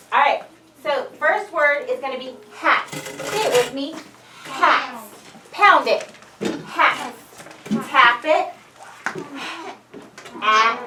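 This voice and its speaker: A woman teacher leading a phonics lesson in a classroom, drilling words slowly and clearly. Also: fairly high pitch, noisy background. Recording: echoey room from a distance.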